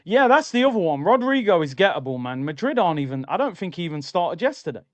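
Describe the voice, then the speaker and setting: Man, football watchalong host, chatty and opinionated, slightly high voice, dry sound. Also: big pitch swings, fast, dry recording. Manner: chatty, opinionated, reads viewer comments aloud. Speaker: livestream host. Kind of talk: live football watchalong commentary.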